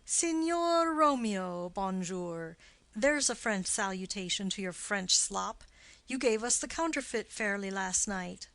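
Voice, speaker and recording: A mocking, quick-witted young nobleman, read by a woman in a storybook reading. He teases with a playful lilt at a middle pitch. The sound is dry and close. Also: gravelly, a bit bright, no room sound.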